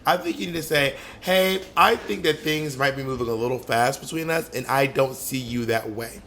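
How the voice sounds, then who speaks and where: A man's voice: mid-range voice, fairly quick, few pauses, background noise. A man co-hosting a podcast, teasing playfully and giving advice in casual chat. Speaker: podcast co-host.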